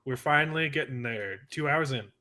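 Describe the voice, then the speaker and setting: A man's voice: medium pitch, moderate pace, sharp tone. A man hosting a casual podcast, chatty and self-deprecating as he tells stories. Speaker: podcast host. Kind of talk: casual chat.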